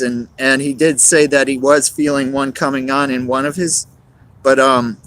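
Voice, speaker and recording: A man's voice: medium pitch, fairly bright tone. A man, live-streaming outdoors on a cold, windy day, rambling and greeting chat viewers by name.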